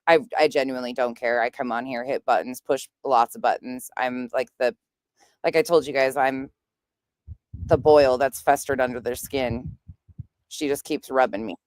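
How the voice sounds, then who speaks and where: Brief: woman, low and smooth voice, dry close sound, blunt and mocking commentator. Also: moderate pace, no echo. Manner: blunt, sarcastic. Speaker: commentary streamer. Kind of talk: reaction commentary.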